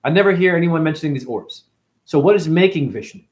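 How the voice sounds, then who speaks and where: A man's voice: fairly high pitch, expressive, fast. A man hosting a casual livestream, reading viewer comments aloud and rambling in loose, slangy talk.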